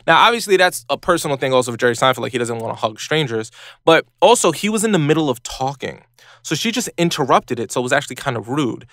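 A man hosting a podcast, giving casual advice in an animated way and acting out other people in high voices. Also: fast talker, no echo, studio quality. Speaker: podcast host.

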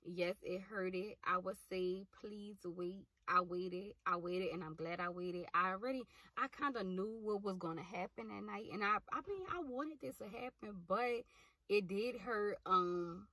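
A woman's voice: medium pitch, a little slow, no echo. A young woman, chatting bluntly and casually to her viewers, swearing freely. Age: young adult. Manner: blunt, profane and animated. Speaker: vlogger. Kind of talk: casual chat.

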